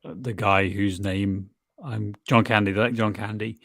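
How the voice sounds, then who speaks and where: Male podcast co-host, slightly low voice, dry close sound, halting casual chat. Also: steady tone, gravelly, no echo. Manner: halting, repeats words while searching for them.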